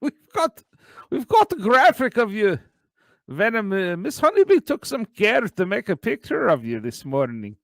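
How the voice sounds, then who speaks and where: A man's voice: high-pitched, wildly swooping pitch, moderate pace, gravelly, no room sound, clean studio sound. Chuckling man hosting a morning show. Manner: chuckling, teasing banter. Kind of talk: casual comedy show hosting.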